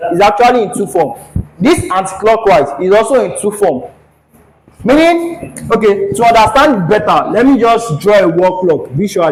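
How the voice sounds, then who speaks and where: High-voiced man teaching a class. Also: a little mellow, slight background noise, low-quality recording. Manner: repeats questions for students to answer. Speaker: lecturer. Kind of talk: classroom engineering lecture. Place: classroom with a board.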